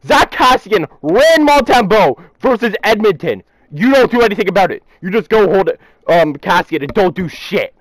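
A young man ranting furiously about his hockey team in a vlog, swearing constantly and climbing into shouts. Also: high voice, expressive, normal speed, no room sound, poor audio. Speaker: hockey fan vlogger. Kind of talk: angry rant vlog.

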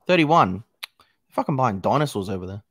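A man's voice: on the low side, very animated, moderate pace, a bit bright, husky. A young man co-hosting a casual football chat, blunt and opinionated, swearing freely.

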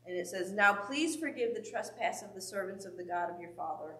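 A woman's voice: mid-range voice, expressive, brisk, fairly bright tone. A woman leading a Bible study. She reads scripture aloud and puts questions to the group with emphasis. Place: church meeting room. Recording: echoey room, mic at a distance.

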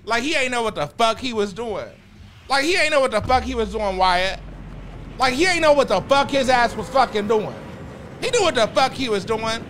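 Male livestreamer, high voice, loud, campy, sassy, repeats himself; faint background noise. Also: lively intonation, normal speed. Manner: repeats phrases in bursts. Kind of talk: live stream chat to viewers.

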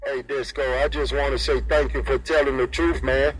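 Through poor audio from a CB radio handset, a man with a medium-pitched, level voice chats at a moderate pace. He falls into a repetitive, sing-song cadence, going over call signs again and again and offering friendly sign-offs.

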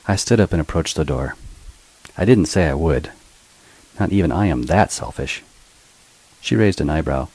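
A man's voice: extremely low pitch, expressive, normal speed, long pauses, darkish tone, breathy edge, dry recording, poor audio. A man narrating his own first-person story in a wry, sarcastic way. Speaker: author and narrator.

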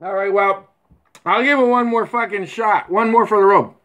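A middle-aged man rambling crudely in a casual vlog, swearing constantly with rough humor. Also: sits high, normal speed, pushed and bright. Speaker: vlogger. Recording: faint background noise.

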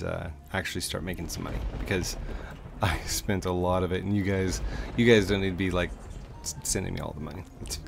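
A man streaming a building game, rambling to himself as he builds and greeting viewers in a high squeal. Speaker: gaming streamer. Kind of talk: casual gameplay chat. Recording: clear background music under voice. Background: background music.

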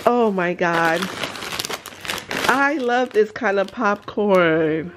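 A woman, gushing and gasping excitedly while unboxing gifts at home in a casual vlog. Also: mid-range voice, extremely slow, pauses often, over music. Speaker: vlogger.

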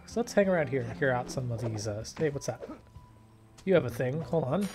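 A man's voice: mid-range voice, fairly quick, faint music behind. Jokey man commenting on gameplay. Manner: jokey, animated, mock-British asides. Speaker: let's play host.

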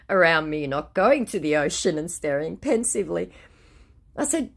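A woman's voice: lowish voice, sing-song, moderate pace, creaky. Wry woman recounting a scam chat. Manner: wry, dry asides. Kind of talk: sarcastic storytelling.

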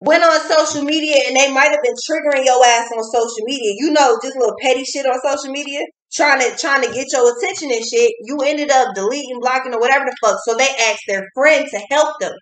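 A fairly high-pitched woman doing a casual tarot reading, blunt and profane, hammering points home by repeating herself. The room gives her voice a clear echo. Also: quick pace, few pauses. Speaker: tarot reader. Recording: echoey room.

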